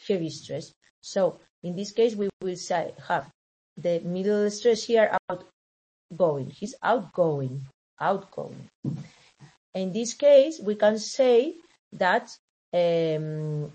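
Slow, hesitant woman lecturing. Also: on the low side, a little mellow. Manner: hesitant, many fillers and self-corrections. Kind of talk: recorded lecture over slides.

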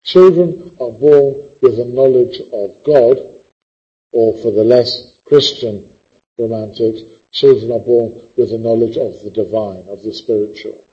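A man lecturing a class on poetry, animated and teasing, with sarcastic asides. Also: mid-range voice, measured pace, breathy edge. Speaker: literature lecturer. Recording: dull lo-fi classroom recording.

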